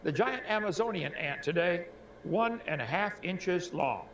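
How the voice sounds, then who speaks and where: A man reading out facts and asking folksy rhetorical questions, clearing his throat now and then, played back as a clip. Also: high voice, animated, unhurried. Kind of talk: reading and commenting on a creationist video. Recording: echoey clip with faint ambient noise.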